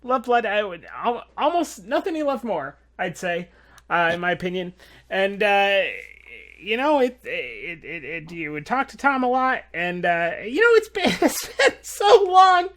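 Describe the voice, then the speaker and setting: A woman's voice: mid-range voice, very animated, unhurried, fairly bright tone. A woman playing a forgetful old companion who rambles and trails off hesitantly. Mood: vague. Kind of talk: tabletop role-play.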